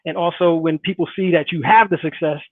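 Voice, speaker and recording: A man in his forties, a rapper guest on a remote call, talking in an easygoing way with many pauses and fillers. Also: a little high, fairly even intonation, no echo. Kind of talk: casual interview chat. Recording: tinny dry phone-line audio.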